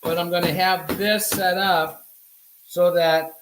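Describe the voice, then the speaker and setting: A man's voice: sits high, flat delivery, slow pace, roomy sound, noisy background. A man giving a casual cooking demonstration, talking to viewers as he cooks and answering his own questions. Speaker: cooking instructor. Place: home kitchen.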